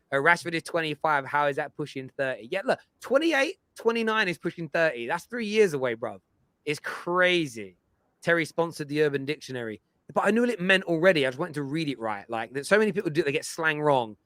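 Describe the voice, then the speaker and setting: An English man hosting a football fan show lays out his points at length in casual chat, emphatic, lecturing, and animated. His voice is fairly high in pitch, and the recording is dry.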